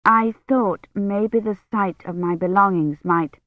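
A woman voicing a weak, ill young woman who speaks quietly and faintly. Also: medium pitch, unhurried, no echo, natural voice. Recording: tinny phone-like dry sound.

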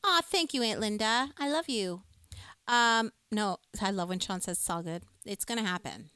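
A woman's voice: medium pitch, expressive, moderate pace, sharp tone, clear, resonant tone, no room sound. A woman co-hosting a live music stream, chatting with enthusiasm and reading viewer comments aloud. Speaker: co-host of a music livestream. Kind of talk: casual live-stream chat.

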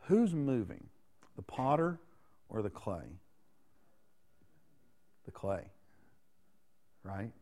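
A man's voice: fairly low pitch, very animated, very slow, long pauses, mellow. A man in his thirties preaching a sermon in a folksy, conversational way, throwing questions out to the congregation. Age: 30s.

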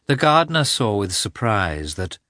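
A man narrating a classic novel as an audiobook in a measured, expressive reading. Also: fairly low pitch, dry recording, clean studio sound.

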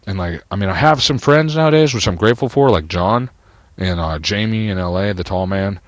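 A man's voice: fairly low pitch, lively intonation, brisk, a bit bright, no echo. A man rambling through an agitated, profane, paranoid personal monologue.

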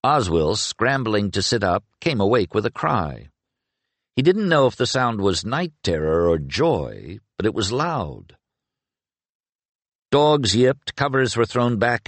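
A man narrates an audiobook in a very low voice. His reading is expressive and moves widely in pitch. The recording is close and dry. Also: measured pace, no echo. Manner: expressive storytelling. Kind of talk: scripted narration.

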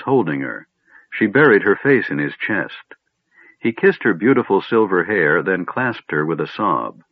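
A lower-pitched, husky man narrates a fantasy story with lively, swinging intonation. The sound is tinny and dry, like it is coming through a phone. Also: dry recording. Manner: expressive storytelling. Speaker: audiobook narrator. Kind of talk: scripted narration.

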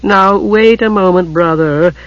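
Man doing a mild gloomy god, pitched up, gentle and soothing, husky-ish, muffled audio. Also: big pitch swings, normal speed, no echo, full character voice. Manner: gentle and mollifying, raised pitch. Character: gloomy, mild-mannered male god and chronicler. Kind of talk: audiobook character reading. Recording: muffled lo-fi recording.

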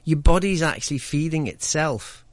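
A man's voice: a little high, animated, moderate pace, no room sound. A man chatting casually on a radio show about food and diets, rambling and enthusiastic, with lots of fillers and restarts. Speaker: guest cook.

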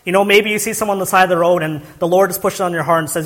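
A man's voice: high-pitched, steady tone, racing, a bit bright, big-room sound. A young man preaching a sermon, earnest, with rhetorical questions and frequent restarts. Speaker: pastor.

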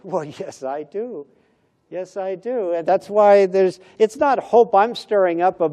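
Mellow-voiced man preaching a sermon. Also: high voice, expressive, unhurried. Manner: conversational, acts out little dialogues. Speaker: pastor.

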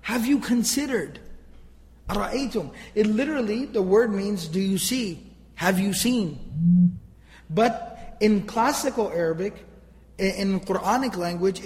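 Man, Quran commentary lecture, high-pitched, animated delivery, Arabic recitation, long hall reverb. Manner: animated, mocks challengers in a taunting voice, recites Arabic verses. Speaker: Quran teacher.

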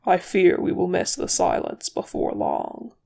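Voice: medium pitch, wildly swooping pitch, unhurried, gravelly, a little mellow, heavily acted. Stern old wizard, as a reader puts him on. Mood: grave.

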